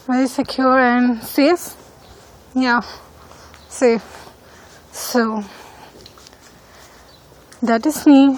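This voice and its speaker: A student who isn't a native English speaker films herself on her phone while walking around her neighborhood, chatting hesitantly with many fillers in a casual tour vlog. Her voice is on the high side, and the recording is low quality.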